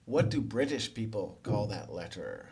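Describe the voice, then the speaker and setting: A man's voice: fairly low pitch, normal speed, soft background music. Man teaching an English lesson. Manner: asks the viewer quiz questions, then explains; relaxed and conversational, with small restarts. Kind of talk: explanatory lesson narration.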